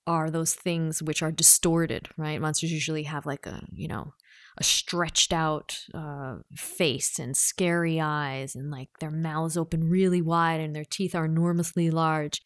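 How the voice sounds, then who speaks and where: A woman coach with a somewhat low voice talks through self-coaching questions, laughing often and wandering into asides. Her voice is close and dry, with no room sound around it. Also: little pitch movement, takes it slowly, no echo. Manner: thinks aloud with frequent laughs and asides. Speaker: personal coach. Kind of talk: casual self-coaching vlog, reading questions aloud.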